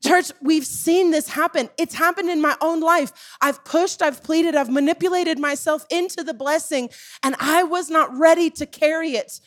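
High-voiced woman preaching a sermon. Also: moderate pace. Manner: emphatic, calls out to the church with repeated questions. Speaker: pastor.

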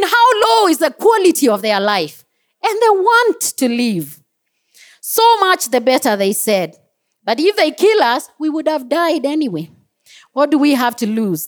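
A woman preaching a sermon in a church, animated, who laughs at her own slips and cries out with joy. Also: high voice.

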